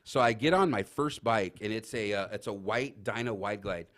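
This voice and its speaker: A man telling rambling, animated anecdotes in casual chat as a talk show guest, full of fillers. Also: lowish voice, normal speed. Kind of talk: casual storytelling.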